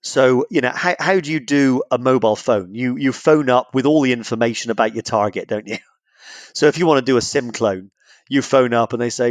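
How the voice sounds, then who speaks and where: A man's voice: mid-range voice, fairly even intonation, a little fast, dry recording. Jokey English man, dry close sound. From Britain. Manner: jokey, acts out phone calls in voices. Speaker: guest author. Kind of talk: casual podcast interview.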